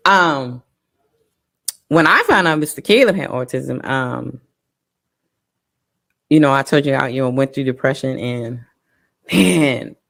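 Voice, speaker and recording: A woman co-hosting a parents' talk show, telling a personal story in an emotional, halting way with many pauses and restarts. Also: very deep voice, lively intonation, gravelly. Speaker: parent co-host. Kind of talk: casual personal testimony.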